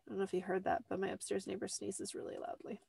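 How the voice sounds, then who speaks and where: Fast, gravelly and completely flat, this mid-range woman's voice has a darkish tone, with a little hiss or hum underneath. Sitting close to a desk mic in a cramped room, she hosts a podcast and recaps a show in rambling casual chat, heavy on "like" and apologetic asides.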